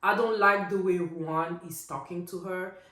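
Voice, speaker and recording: A woman's voice: fairly low pitch, unhurried, loud music behind the voice. Opinionated woman vlogger in an echoey room. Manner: opinionated, animated, rhetorical. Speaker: recap vlogger. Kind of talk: casual reality TV recap.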